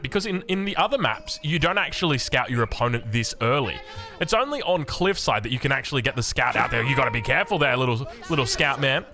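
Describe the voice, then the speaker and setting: A man with an Australian accent casting a strategy game in excitable, chatty commentary. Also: mid-range voice. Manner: excitable, animated, chatty, laughs often. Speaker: game caster.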